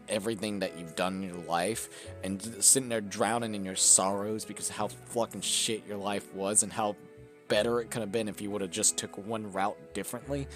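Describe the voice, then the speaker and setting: A young man chatting casually and swearing while live-streaming a game, laughing often. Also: fairly low pitch.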